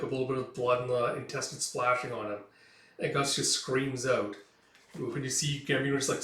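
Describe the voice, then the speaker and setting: A man's voice: medium pitch, fairly bright tone, reverberant, recorded from a distance. A man casually recapping a comic book page by page, rambling with lots of filler words. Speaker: comic reviewer. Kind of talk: casual comic read-through commentary.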